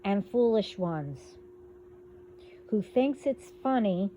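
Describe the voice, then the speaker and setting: A woman hosting a casual spiritual monologue, talking in a rambling, halting way as she delivers warnings. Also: medium pitch, lively intonation, mellow, a little hiss or hum. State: hiccups. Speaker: spiritual video host.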